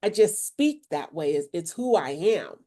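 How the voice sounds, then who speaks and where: This woman, a preacher co-hosting an informal faith podcast, has a lowish, dark voice with a sing-song lilt and measured pace. She speaks with firmness, assertiveness, and authority.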